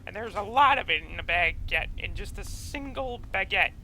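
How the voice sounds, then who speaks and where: A man's voice: high voice, animated, moderate pace, pushed and bright, slight background noise, rough recording. A man giving casual commentary while playing a video game, chatty and rambling off on tangents. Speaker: let's play gamer.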